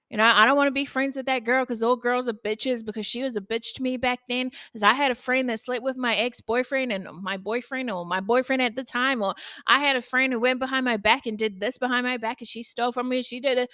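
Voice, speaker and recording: A woman's voice: a little high, fairly even intonation, brisk, a bit bright, dry recording, studio quality. A young woman hosting a casual solo podcast, talking bluntly and swearing freely. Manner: blunt, frequent swearing, chatty. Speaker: podcast host.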